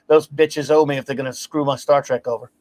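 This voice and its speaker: A man hosting a casual talk show, telling stories in an animated, ranting way and laughing as he goes. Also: medium pitch, brisk. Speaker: podcast host. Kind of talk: casual chat.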